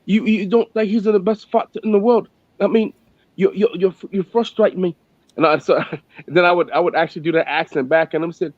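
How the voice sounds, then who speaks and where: A man co-hosting a loose chat podcast, bragging and cursing as he tells stories. His voice sits fairly high. The recording is lo-fi and muffled, with no room echo. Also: fairly even intonation, brisk. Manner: boastful storytelling, profane. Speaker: podcast co-host. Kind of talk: casual chat. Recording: dull lo-fi dry sound.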